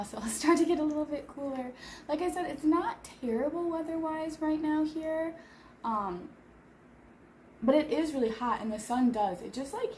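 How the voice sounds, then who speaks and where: A woman's voice: fairly high pitch, darkish tone, a little hiss or hum. A woman in her thirties chatting casually on a vlog while eating, rambling with lots of filler words. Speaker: vlogger. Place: home in Seoul.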